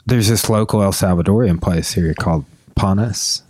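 A man hosting a casual podcast chat, telling stories in a relaxed, halting way with restarts. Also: deep voice, dry recording, studio quality.

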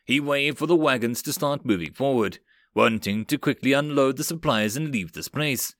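A man's voice: mid-range voice, normal speed, fairly bright tone, no room sound. Dry-voiced man reading an audiobook. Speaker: audiobook narrator.

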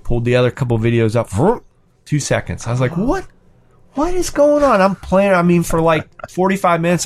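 A man with a thirteen-year-old son, telling a casual anecdote with lots of fillers and restarts. His voice climbs sharply when he quotes himself or his son. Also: mid-range voice. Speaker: storyteller in a hobby chat.

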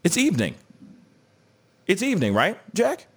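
A man's voice: high-pitched, huge pitch swings, normal speed, fairly bright tone, husky. A man hosting a live stream, chatting casually and joking while he reads viewer comments aloud. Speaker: host of a live entertainment news stream.

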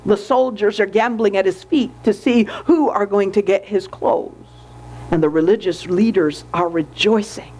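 A woman preacher giving a sermon in a deliberate, emphatic way. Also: medium pitch, darkish tone.

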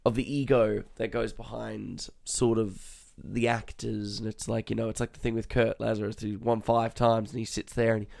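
A man's voice: on the low side, flat delivery, moderate pace, creaky, hardly any pauses, darkish tone. A man co-hosting a film review podcast in casual chat, rambling and often trailing off mid-thought. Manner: rambling, trails off, restarts sentences. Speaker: podcast co-host.

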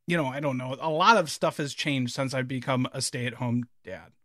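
A man's voice: mid-range voice, normal speed, pushed and bright, dry recording, clean studio sound. A man in his thirties chatting casually as a podcast co-host, telling stories with many fillers and restarts. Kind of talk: casual chat.

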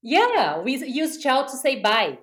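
A woman from Brazil with a Brazilian Portuguese accent, co-hosting a podcast in casual chat, telling lively stories, acting out quotes and laughing often. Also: high-pitched, a little slow, breathy edge. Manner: animated storyteller, acts out quotes, laughs often. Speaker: podcast co-host.

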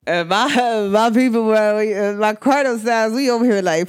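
A woman's voice: fairly high pitch, normal speed, hardly any pauses, clean tone. A woman hosting an astrology show, chatting casually in a rambling, slangy way and laughing often. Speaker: astrology podcast host. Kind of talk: casual chat.

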